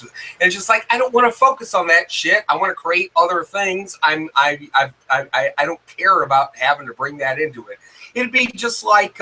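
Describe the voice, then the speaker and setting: A man's voice: fairly high pitch, expressive, moderate pace, pushed and bright, poor audio. A man as a guest in a casual discussion, talking hesitantly with restarts and fillers.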